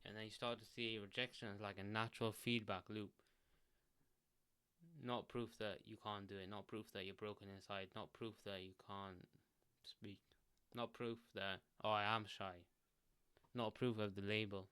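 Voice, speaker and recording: A man with a lowish, smooth voice speaks at normal speed from a chair, giving laid-back self-help advice into a desk mic. The solo talk meanders, with restarts, fillers, and plenty of "like."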